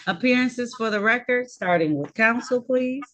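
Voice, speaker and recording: Brief: woman judge on a video call, slightly high voice, firm and blunt. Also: moderate pace, a bit bright, a little hiss or hum. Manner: firm, direct, scolding. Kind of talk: court hearing.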